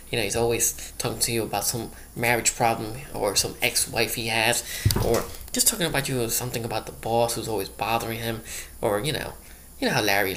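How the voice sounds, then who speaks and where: A man's voice: mid-range voice, bright, forceful tone, a little hiss or hum. Rambling man doing a comedic monologue. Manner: rambling, loose, full of "you know" asides.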